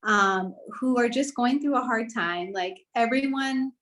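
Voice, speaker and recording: A woman's voice: a little high, unhurried, a bit bright. A young woman telling her personal story in a casual podcast conversation, earnest and rambling, with many "like" fillers. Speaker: guest sharing her story.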